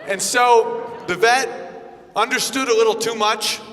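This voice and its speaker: A man performing a stand-up comedy set, brash and profane, slipping into quick character voices. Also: extremely high pitch, steady tone, fairly bright tone, a faint crowd. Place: comedy venue with live audience. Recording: long reverb of a hall.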